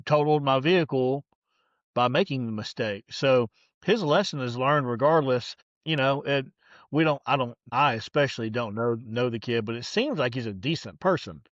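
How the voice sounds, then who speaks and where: A man's voice: mid-range voice, normal speed, a bit bright, no room sound, muffled recording. A man, a podcast host, talking things through in a reflective casual chat. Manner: reflective, reasoning aloud.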